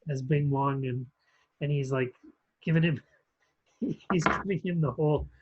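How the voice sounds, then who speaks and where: A man's voice: fairly high pitch, a little slow, highs cut off, noisy background. A man co-hosting a film review podcast, talking casually with many ums and restarts. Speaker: podcast co-host reviewing films. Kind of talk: casual chat.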